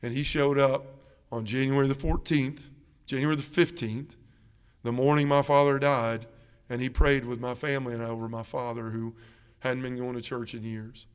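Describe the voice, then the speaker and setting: Middle-aged man, earnest church testimony, acts out other people's lines; smooth, resonant voice, long church reverb. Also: medium pitch, steady tone, normal speed. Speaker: parish mission speaker giving testimony. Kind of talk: testimony talk to a church congregation. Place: large church.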